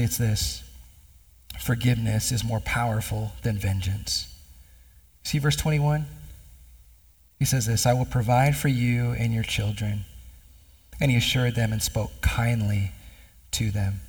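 A man's voice: mid-range voice, darkish tone, slightly rough. A man preaching a sermon as pastor, earnest and building to emphatic appeals to his congregation. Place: church hall. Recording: long hall reverb.

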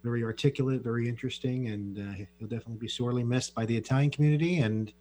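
A man's voice: medium pitch, steady tone, racing, warm tone, a little hiss or hum. A man co-hosting a radio show in casual chat, articulate and chatty. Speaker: radio co-host.

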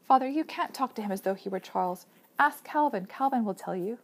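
A woman's voice: on the high side, expressive, brisk. A woman voicing a frightened teenage girl who pleads urgently and in anguish, raising her voice, in an audiobook reading. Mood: anguished pleading.

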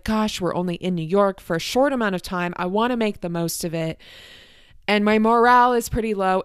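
A young woman hosting her podcast, telling a night-out story in a chatty, animated way and acting out what people said. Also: mid-range voice, clean tone, dry recording, studio quality. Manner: animated, chatty, acts out quotes. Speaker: podcast host. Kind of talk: casual storytelling.

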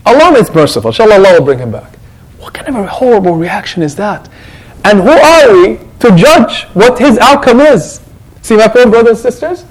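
Animated high-voiced male imam. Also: a little fast, rough recording. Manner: animated, conversational, acts out quotes. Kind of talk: Quran reflection talk to a congregation.

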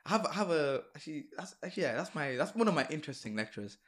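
A man's voice: fairly high pitch, rapid-fire. A young man co-hosting a casual podcast, telling stories with lots of laughter. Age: young adult. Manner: animated storyteller, laughs often. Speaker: podcast co-host. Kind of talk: casual chat.

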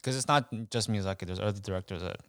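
A man's voice: fairly low pitch, very fast, no room sound, clean studio sound. A man chatting casually on a podcast, loose and profane, with lots of "yeah" fillers. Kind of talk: casual chat.

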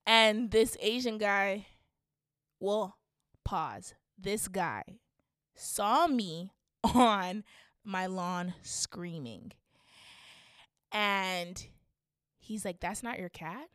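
A young woman hosting a podcast, telling a story casually and animatedly, dropping to a hush and rising to shrieks, laughing through it. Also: mid-range voice, extremely slow, long pauses, clear, resonant tone, no room sound, studio quality. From Canada. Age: young adult. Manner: animated, swings from hushed to shrieking. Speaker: podcast host.

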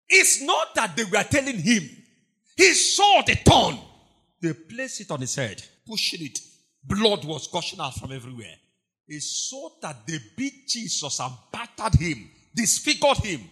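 A man, a pastor preaching an impassioned sermon, emphatic and repetitive, moving between shouts and hushed tones. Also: high-pitched, wildly swooping pitch, unhurried, breathy edge.

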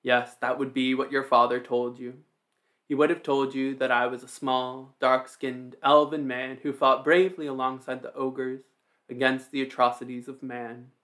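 A man's voice: mid-range voice, little pitch movement, normal speed, fairly bright tone, close to an everyday voice. A man voicing a commanding ancient ogre woman in a storybook reading, speaking in a strong, assertive tone.

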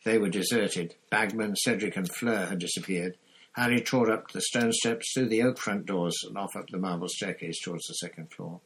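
A man narrating a storybook chapter in a steady reading voice, with an occasional slip and restart. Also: sits low, moderate pace, husky, rough recording. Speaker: audiobook reader.

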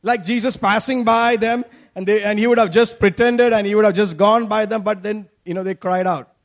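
A man from Kerala with an Indian accent preaches an energetic sermon, shouting and laughing with playful asides. His voice is high-pitched and fairly quick.

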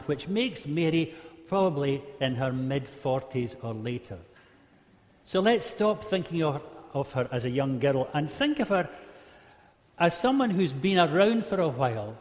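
Male preacher, humorous storytelling, slightly high voice, long hall reverb. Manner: humorous, animated, acts out quotes in varied voices. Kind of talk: sermon storytelling to a live group.

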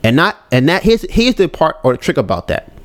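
A man's voice: fairly high pitch, big pitch swings, a little fast, slight background noise. A man hosting a podcast, talking candidly and rambling about handling his anger, acting out his own thoughts. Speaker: podcast host. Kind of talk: casual solo podcast talk.

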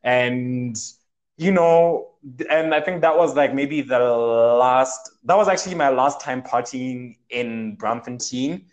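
A man's voice: mid-range voice, slow, poor audio. A young man, telling a personal story in a casual chat and leaning heavily on fillers like "like". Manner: animated, filler-heavy storytelling with many "like"s.

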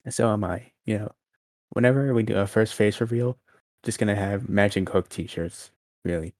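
A man co-hosting a wrestling podcast, quick and sarcastic in casual chat. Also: lowish voice, darkish tone, no echo, studio quality. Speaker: podcast co-host.

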